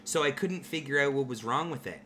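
Bright-voiced man telling stories. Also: mid-range voice, fairly quick, a little hiss or hum. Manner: profane, animated anecdote teller. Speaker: podcast host. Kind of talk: casual storytelling.

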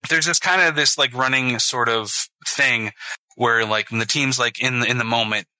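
Casting: man, podcast co-host, bright edgy voice, dry mic, excitable casual movie chat. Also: mid-range voice, moderate pace, no echo, rough recording. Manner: enthusiastic, swears, acts out scenes in quotes.

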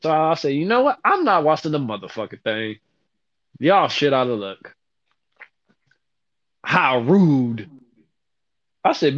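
A man with a fairly high, lively voice tells a rambling, profane story and jumps up and down in pitch as he acts out each quote. The recording is dry, with no room echo, and sounds dull and lo-fi. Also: moderate pace. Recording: dull lo-fi audio.

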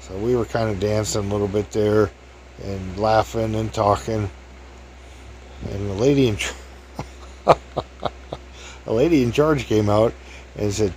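A man's voice: fairly low pitch, steady tone, a little slow, long pauses, darkish tone, slight background noise. A man in his fifties telling a casual anecdote in a chatty, jokey way, laughing at his own stories. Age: 50s.

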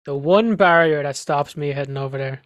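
A man's voice: on the high side, normal speed, dull audio, a crowd in the background. A young Irish man chatting casually as a podcast guest, laid-back and swearing freely. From Ireland. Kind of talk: casual chat.

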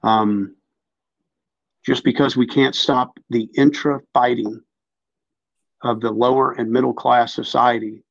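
A man's voice: medium pitch, fairly even intonation, slow pace, gravelly, long pauses, no echo, muffled recording. A man hosting a podcast, talking in an emphatic, profane, ranting way. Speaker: podcast host. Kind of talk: casual political chat.

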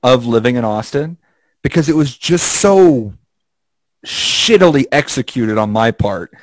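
This man's mid-range voice moves a little slowly as he chats casually as a podcast co-host. He tells stories with animation, swears a lot, and acts out quotes. There's no room sound, and the recording quality is low.

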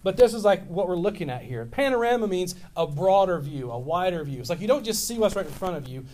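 A man in his fifties from Louisiana, preaching a sermon as pastor, telling stories in an animated, rambling way with many restarts. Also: high voice, quick pace, slight background noise.

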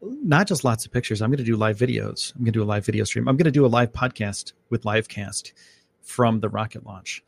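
Male podcast host, gravelly voice, casual rambling chat, lots of fillers. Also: fairly low pitch, lively intonation, fairly quick. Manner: rambling, loose and chatty with many fillers.

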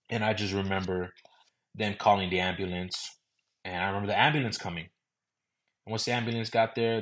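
Young male host from San Antonio, lowish voice, loose conversational storytelling. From San Antonio, Texas. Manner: loose, conversational, repeating "I remember". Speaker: podcast host. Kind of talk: personal storytelling.

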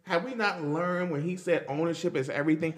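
A man's voice: fairly high pitch, a little fast, in a large hall. A man hosting his own podcast in a casual solo monologue, talking emphatically with lots of repeats and stammered restarts. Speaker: podcast host.

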